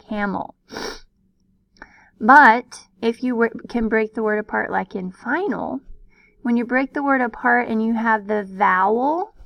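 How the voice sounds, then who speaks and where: A woman teacher giving a recorded phonics lesson, patiently sounding out words slowly. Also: mid-range voice, vocal fry, no room sound, rough recording.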